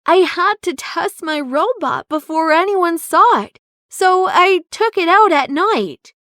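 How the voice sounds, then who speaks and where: A woman voicing a cheerful young boy inventor in a children's story, talking in a bright, eager, pleading way. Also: very high voice, animated, takes it slowly, no echo, clean studio sound, voice pushed up, exaggerated voice. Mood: explaining.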